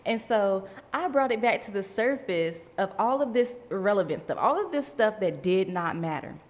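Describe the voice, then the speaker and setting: A woman's voice: medium pitch, lively intonation, moderate pace, big-room sound. A woman in her thirties hosting a faith podcast, telling a personal story in a chatty way, talking straight to her listeners and laughing at herself. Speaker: podcast host.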